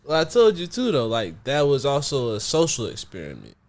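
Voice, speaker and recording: Male podcast host, mid-pitched, reflective, rambling explanations full of "like.". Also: huge pitch swings, brisk. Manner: reflective, explains at length with many fillers. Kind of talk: casual podcast chat.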